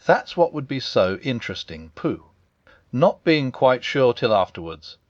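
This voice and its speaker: A man's voice: mid-range voice, sing-song, a little slow, no echo, highs cut off. A man voicing a gloomy, sardonic old male donkey with a dry, glum way of talking.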